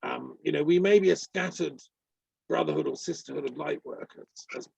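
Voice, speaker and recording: A man's voice: a little high, fairly quick, gravelly, darkish tone, husky, no room sound. A man talking in an earnest, rambling way, with many ums, in a casual discussion over a video call. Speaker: peace activist on a video call. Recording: dull lo-fi call audio.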